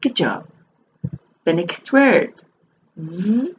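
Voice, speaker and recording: A woman teaching a slow phonics lesson to young children. She spells each word out letter by letter and repeats it. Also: on the low side, big pitch swings. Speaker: primary school teacher. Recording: dull lo-fi recording with faint noise.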